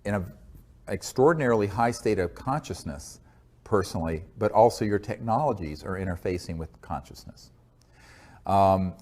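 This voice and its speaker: Male interview guest, low voice, measured and earnest, hesitant with fillers. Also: darkish tone. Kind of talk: earnest conversational storytelling.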